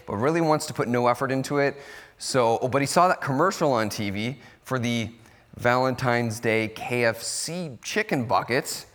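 A man's voice: mid-range voice, a bit bright. A man filling in as guest preacher, giving a conversational sermon with frequent fillers. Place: church sanctuary. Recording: long hall reverb.

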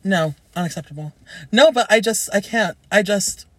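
A young adult chatting casually in a parked car, reacting quickly, swearing and laughing a lot. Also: mid-range voice, expressive, fairly bright tone, dry recording. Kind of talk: casual chat.

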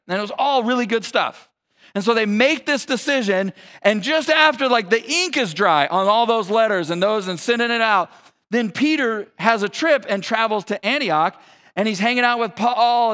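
A man's voice: high-pitched, bright, forceful tone, big-room sound. A man preaching a sermon as a pastor, in a casual, conversational and slangy way.

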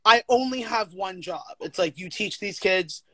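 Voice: medium pitch, expressive, moderate pace, sharp tone, husky, no echo. Candid teacher guest, casual chat, lots of filler words, dry close sound. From United States. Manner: candid, swears, many filler likes.

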